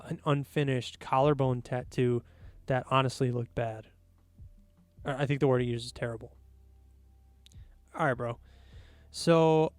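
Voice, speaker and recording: A man hosting a solo sports podcast, ranting in an animated, exasperated way with mocking asides. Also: medium pitch, smooth, no room sound. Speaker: podcast host.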